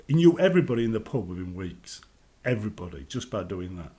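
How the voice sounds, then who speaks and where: British man, casual vlog advice, animated up-and-down voice, chatty. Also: fairly low pitch, quick pace. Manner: chatty, acts out everyday greetings. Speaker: gaming vlogger.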